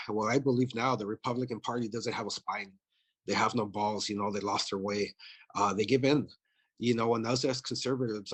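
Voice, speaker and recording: A man's voice: on the low side, husky. A man running for office, talking bluntly and profanely in a casual interview, with lots of "you know" fillers. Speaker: political candidate.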